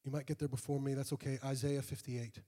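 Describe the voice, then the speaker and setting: A man preaching a sermon, reading scripture and praying with fervor that swells into loud, drawn-out calls. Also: medium pitch, flat delivery, big-room sound. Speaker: pastor.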